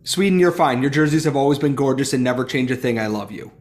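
A man's voice: mid-range voice, fast talker, darkish tone. A man co-hosting a sports podcast, ranting with exasperated humor in casual chat. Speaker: podcast co-host.

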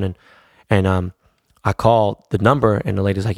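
A man's voice: fairly low pitch, steady tone, fairly quick, vocal fry, no echo, studio quality. A man, a DJ telling stories casually in profane, laid-back street slang. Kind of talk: casual storytelling.

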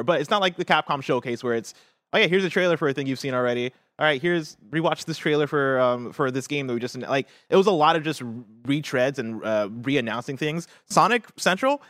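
Young guy cohosting a games show, talks really fast and rambly, keeps saying right?, dry close sound. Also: medium pitch, fairly bright tone, no echo. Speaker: co-host of a video game news show. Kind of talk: casual chat.

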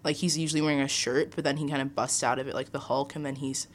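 A young woman co-hosting an improvised comedy podcast, telling absurd stories deadpan. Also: a bass voice, fast talker, a little hiss or hum. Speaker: podcast co-host.

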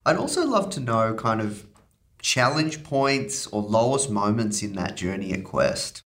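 A man hosting an interview podcast, reading a promo and asking questions in an upbeat way. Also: measured pace. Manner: upbeat, energetic pitch. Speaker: podcast host.

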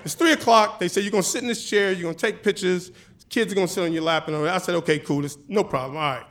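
A man telling a personal story on stage, animated and casual, acting out the dialogue. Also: high voice, fast talker. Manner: animated, acts out dialogue with voices; casual, chatty with swearing.

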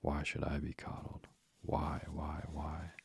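A proud, sulky middle-aged father from a storybook, grumbling in a very deep, flat voice, as a man reads him aloud. The tone is gravelly and breathy, and the recording is close and dry. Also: takes it slowly, dry recording, exaggerated voice. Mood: petulant.

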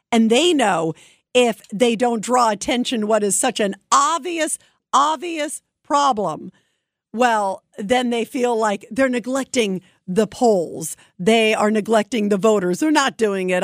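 Woman ranting politics, high pitched, dry mic, really emphatic. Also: dry recording. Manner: indignant, emphatic, mocking quotes. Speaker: political commentator. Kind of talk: opinion commentary.

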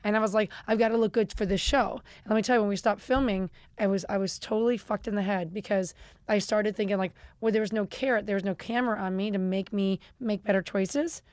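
Animated woman telling candid stories. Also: mid-range voice, fast, no room sound. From Chicago. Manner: animated, acts out quotes, swears casually. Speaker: guest. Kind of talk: candid conversational storytelling.

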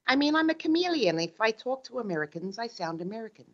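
A woman's voice: on the high side, very animated, fast, dull audio. A woman from Australia with an Australian accent, chatting bubbly and laughing easily as a podcast guest over a remote call. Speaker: guest paranormal investigator. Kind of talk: casual podcast chat. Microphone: remote call mic.

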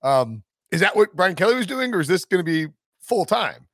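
A man's voice: high-pitched, very animated, brisk, fairly bright tone, no echo, studio quality. A man hosting a sports podcast, chatting casually, joking and laughing often. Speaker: podcast host.

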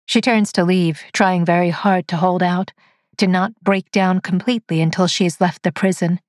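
A woman narrating a dark science-fiction story in a measured, deliberate way. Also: lowish voice, steady tone, no echo, clean studio sound.

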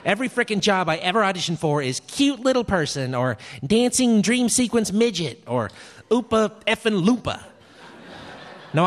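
Male actor as a prickly little-person actor, high and animated, stage reverb, comedy sketch. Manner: hesitant then indignant, sarcastic. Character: grumpy short actor auditioning as leprechaun, touchy.

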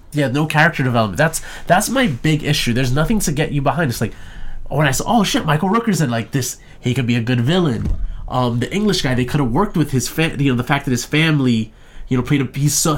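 A young man talking through a movie plot in loose, profane, rambling chat. He drops into quick impressions of the characters as he goes. His voice sits at an ordinary middle pitch. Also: expressive, slight background noise. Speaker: podcast co-host reviewing a movie. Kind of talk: casual chat.

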